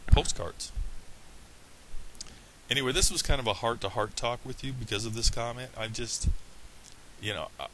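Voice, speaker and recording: A man's voice: mid-range voice, fairly quick, sharp tone, slight background noise, poor audio. A middle-aged man giving an earnest, blunt pep talk to his business club, emphatic and full of restarts. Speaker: online business coach. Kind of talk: direct-to-camera pep talk.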